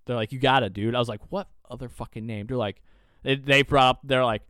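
Young guy podcast host, smooth clear voice, dry close mic, swears a lot and rambles through stories. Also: medium pitch, fast talker, dry recording. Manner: profane, rambling, animated storyteller. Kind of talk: casual chat, storytelling.

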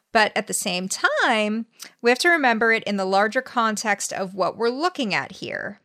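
A woman's voice: mid-range voice, expressive, sharp tone. A woman co-hosting a casual podcast, wryly recounting her research with mocking asides. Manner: wry, quick, mocking quotes of others.

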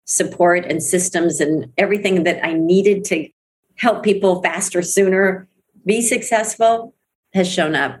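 A middle-aged woman with a fairly low voice and a breathy edge sits for a candid interview about her network marketing career. Her delivery is earnest and emphatic, with phrases repeated for weight.

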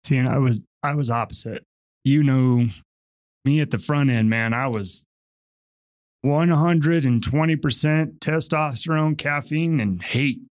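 A man who used to be a police officer, chatting casually and acting out his old traffic stops with lively voices. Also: mid-range voice, measured pace. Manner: animated storyteller, acts out traffic stops. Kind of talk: casual podcast chat.

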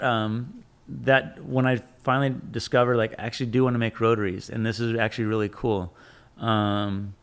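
Casual man, mid-pitch, storyteller type, swears freely, quotes himself a lot. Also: a bit bright. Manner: rambling, frequent fillers and profanity, acts out his own quotes. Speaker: tattoo machine builder, guest.

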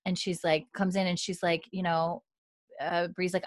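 A young woman with a low voice casually retells a show's scenes, jumping in and out of quick voices for each character and swearing now and then. The sound is dry and close, with no room around her. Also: little pitch movement, no echo. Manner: casual and profane, with many fillers. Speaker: podcast host recapping a TV episode. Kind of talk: casual chat.

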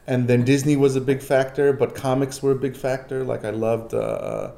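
Guy from new york, gravelly low-key voice, rambling memories full of ums, echoey room. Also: level tone, normal speed, mellow. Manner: reflective storytelling, many fillers. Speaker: guest. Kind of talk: casual chat.

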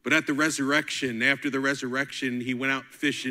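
A man preaching a sermon, swinging dramatically between loud climaxes and hushed whispers and calling out to the congregation. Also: medium pitch, flat delivery, a little fast, long reverb tail. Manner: call-and-response exhortations.

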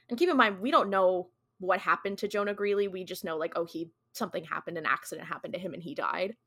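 A woman's voice: mid-range voice, bright, forceful tone. A young woman recapping a TV episode in a chatty way, quoting characters and using lots of likes and ums. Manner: chatty retelling with quoted dialogue, many likes and ums. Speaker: podcast co-host.

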